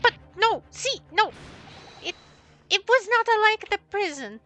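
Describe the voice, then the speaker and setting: A woman's voice: extremely high pitch, lively intonation, measured pace, pushed and bright, faint music behind, voice pushed up, heavily acted. A woman voicing a panicky, whimpering male crook with a put-on Italian accent. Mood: pleading. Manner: whimpering, stammering, pleading.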